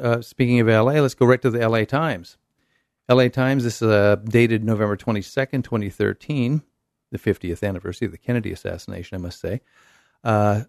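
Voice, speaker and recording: A man's voice: medium pitch, darkish tone, no echo, studio quality. Wry man reading the news. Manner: wry, reads quotes then comments sarcastically. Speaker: podcast host. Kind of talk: casual talk, reading news aloud.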